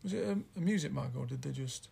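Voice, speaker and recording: A man's voice: medium pitch, lively intonation, fast talker, vocal fry, dark tone, breathy edge. A man hosting a casual album chat, rambling and hesitant as he reads out lyrics. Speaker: podcast host reviewing an album.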